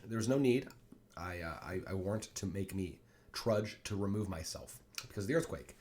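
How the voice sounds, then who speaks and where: A man's voice: deep voice, moderate pace, darkish tone. A man teaching a play line by line, reading quoted lines in raised voices and then explaining them plainly.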